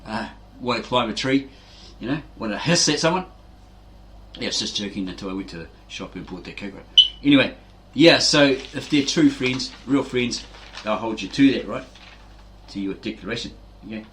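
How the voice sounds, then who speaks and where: This fitness channel host is a man with an expressive, fairly bright mid-range voice at a moderate pace, heard over slight background noise. He's chatty and anecdotal, rambling through a casual motivational talk and tagging lines with "right?".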